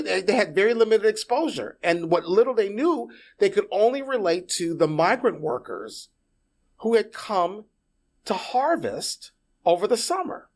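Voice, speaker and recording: A high-pitched, middle-aged Puerto Rican guest on a podcast spins lively stories during a casual interview, often backtracking and saying words twice.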